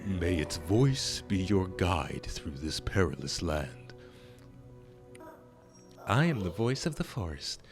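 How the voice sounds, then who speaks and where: A man voicing an ancient male frog guardian in a game, speaking slowly and gravely. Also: sits low, big pitch swings, loud music behind the voice, full character voice. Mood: solemn. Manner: slow, grave and deliberate.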